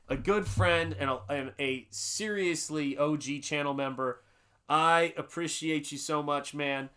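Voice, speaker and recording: Painting as he streams, a middle-aged man from the United States chats with viewers, reads their comments aloud, and rambles amiably, often restarting his sentences. He speaks at a measured pace in a fairly high voice that sounds pushed, bright, and smooth.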